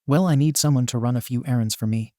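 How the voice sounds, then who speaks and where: A sly, scheming shopkeeper who talks in a smooth, polite way, read by a man. The tone is warm and mellow, and the recording is dry and close. It sounds like a storybook reading. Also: medium pitch, quick pace, dry recording, close to an everyday voice.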